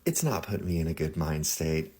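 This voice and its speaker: Very deep-voiced man chatting to viewers. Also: fairly even intonation, fairly quick, darkish tone, slightly rough. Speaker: social media creator. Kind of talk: casual vlog commentary to viewers.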